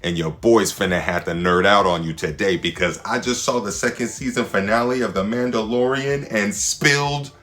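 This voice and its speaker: A man, a standup comedian hosting his own show, rambling through a slangy, playful comedic monologue with sudden loud jumps. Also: on the low side, normal speed, hardly any pauses.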